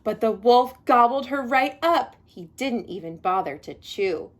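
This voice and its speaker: A woman reading a children's picture book aloud, with a lively, highish voice that rises and falls. She stops now and then to chat with young listeners about the story. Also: a little slow. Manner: expressive, adds chatty asides to kids.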